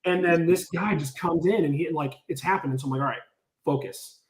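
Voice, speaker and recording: A man casually telling a story, animated and full of filler words, acting out what people said. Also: fairly high pitch, a little fast, reverberant. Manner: animated, lots of "like", acts out quotes. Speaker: storyteller on a podcast.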